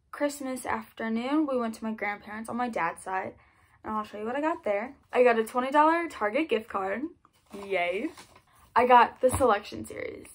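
A woman vlogging a casual gift haul in a chatty, gushing, excited way. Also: fairly high pitch.

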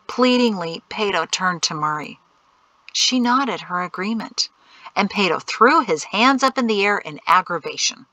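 Crisp bright woman narrating a novel. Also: medium pitch, dry recording, rough recording. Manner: measured, clear storytelling. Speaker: audiobook narrator. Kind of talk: scripted audiobook narration.

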